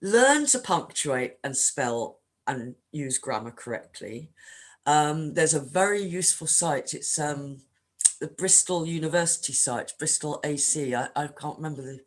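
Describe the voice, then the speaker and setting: A woman's voice: sits low, lively intonation, unhurried. A woman leading a writing workshop, talking conversationally with frequent filler ums. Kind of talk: online workshop talk.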